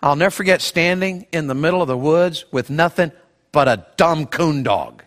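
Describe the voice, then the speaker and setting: A man's voice: on the high side, lively intonation, normal speed, fairly bright tone, long reverb tail. A male pastor preaching a sermon, telling a folksy personal story and acting out the voices in it.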